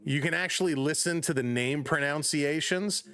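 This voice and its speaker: Man, fairly high voice, live stream host, chatty play-by-play, excited on big plays. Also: normal speed. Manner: chatty, greets chat viewers by name between pitches. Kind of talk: casual live play-by-play commentary.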